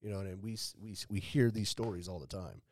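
A man's voice: low voice, fairly even intonation, quick pace, dry recording, clean studio sound. A man hosting a podcast, chatting casually in a blunt, heavily profane way. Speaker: podcast host. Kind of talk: casual chat.

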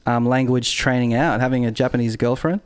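A man's voice: mid-range voice, fairly even intonation, brisk, clear, resonant tone. A man co-hosting a podcast, chatting in an enthusiastic, upbeat way. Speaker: podcast co-host. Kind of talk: casual chat.

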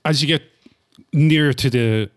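A man narrating a tabletop horror game as game master, describing events slowly to build dread. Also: a little high.

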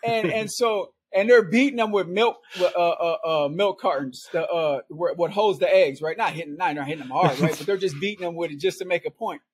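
A man's voice: high-pitched, brisk, few pauses, a little hiss or hum. A middle-aged man telling a long, rambling story in casual chat, laughing often and tagging "right?" and "man" onto his lines. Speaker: podcast guest storyteller.

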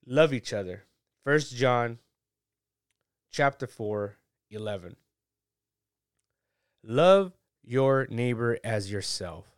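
Guy preaching casual, slow and chatty, clean voice, dry close mic. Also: medium pitch, clear, resonant tone, dry recording. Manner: relaxed, chatty, laughs at himself. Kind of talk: casual conversational sermon.

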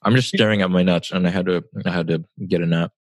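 A man's voice: low-pitched, fairly even intonation, fast talker, dry recording. A man co-hosting a casual podcast, laid-back and teasing, mostly giving short replies. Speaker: podcast co-host. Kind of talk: casual chat.

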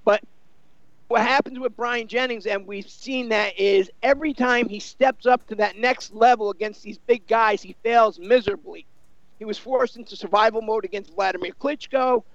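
Male pundit, high and creaky, dry close sound, loose rambling delivery. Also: moderate pace, no room sound, highs cut off. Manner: rambling, filler-heavy with many you-knows. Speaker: boxing analyst. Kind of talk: casual sports discussion.

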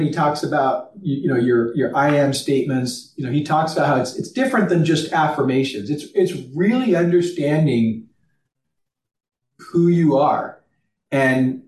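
A man's voice: fairly high pitch, a little mellow, far from the mic, slight background noise. A man who leads a company, a guest in a podcast interview, telling a story earnestly with frequent restarts and fillers. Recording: roomy echo, off-mic.

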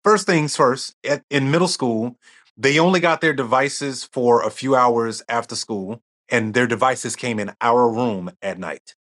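A man's voice: medium pitch, unhurried, fairly bright tone. A middle-aged man as a podcast guest, telling stories in casual conversation and acting out quoted dialogue.

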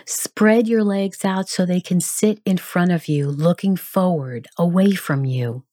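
Slow, gentle woman narrator. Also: lowish voice, no room sound, studio quality. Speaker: narrator of grief support guide. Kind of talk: calm instructional narration.

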